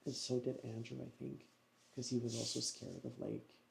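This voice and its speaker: Rambling woman vlogger with vocal fry. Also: a bass voice, normal speed, a little mellow. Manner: rambling, filler-heavy storytelling. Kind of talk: casual vlog chat.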